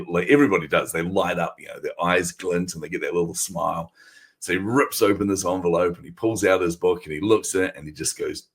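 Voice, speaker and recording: A middle-aged man telling stories as a podcast guest, animated and self-deprecating, laughing often. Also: low-pitched, slightly rough. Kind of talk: storytelling in an interview.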